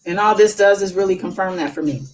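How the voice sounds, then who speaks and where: A woman's voice: mid-range voice, fast, soft background music, poor audio. A woman hosting a casual live stream, chatting and musing as she reads news aloud with her own asides.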